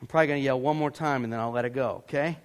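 A man preaching a sermon to a congregation, emphatic, with sudden shouted lines and casual asides. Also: medium pitch, rapid-fire. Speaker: pastor.

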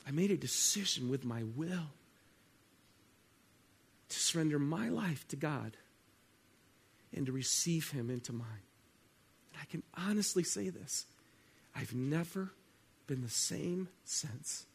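A man delivers a sermon as pastor. His voice sits a little high, and he talks earnestly. He swings from loud, pressing emphasis to quiet, drawn-out phrases. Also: lively intonation, vocal fry, husky. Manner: earnest, shifts between loud emphasis and hushed, slowed phrases.

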